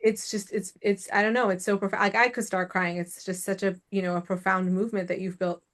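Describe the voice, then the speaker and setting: A woman's voice: medium pitch, level tone, a little fast, a bit bright. A young adult woman hosting an interview, talking casually and filling her speech with "like" and "you know.". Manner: chatty, many "like" and "you know" fillers. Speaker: podcast host, suicide prevention educator.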